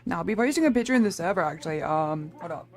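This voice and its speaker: A woman's voice: fairly low pitch, expressive, rapid-fire. A young Australian woman chatting casually on her livestream, playful, swearing freely and laughing often. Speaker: streamer.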